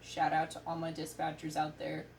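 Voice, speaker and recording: A woman's voice: low-pitched, completely flat delivery, moderate pace, vocal fry, a little mellow. A young woman paramedic reacting to a TV show in blunt, sarcastic casual commentary, swearing often. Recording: distant mic with faint noise.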